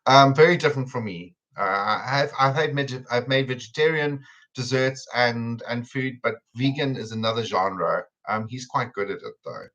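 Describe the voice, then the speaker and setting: A South African man with a medium-pitched, slightly bright voice hosts a live cooking stream at a normal pace, chatting, teasing, and laughing often. The lo-fi sound comes from a computer camera on the video stream.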